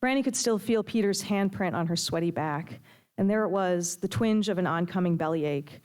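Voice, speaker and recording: A woman reading her own fiction aloud with a steady storytelling delivery. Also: lowish voice, moderate pace. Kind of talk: prose reading.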